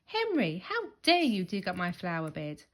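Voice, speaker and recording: Fed-up mother who shouts her scoldings, played by a woman reader. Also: on the low side, very animated, normal speed.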